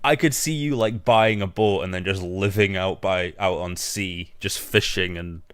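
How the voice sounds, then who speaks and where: A man co-hosting a film podcast, laid-back and joking with quick quips. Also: low-pitched, a bit bright, clean tone, dry recording, clean studio sound. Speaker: podcast co-host. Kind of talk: casual film chat.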